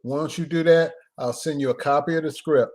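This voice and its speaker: A man hosting a casual live stream as a filmmaker, talking in a loose, joking way with laughs and drawn-out pauses. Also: on the high side, fairly even intonation, a little mellow.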